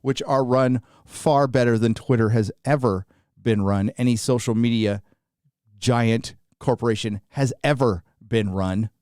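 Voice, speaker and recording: A man's voice: medium pitch, a little slow, a little mellow, clean tone, no echo, clean studio sound. A tired man hosting a livestream, chatting casually and rambling as he reads out viewer names. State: tired, running on little sleep. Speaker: livestream host.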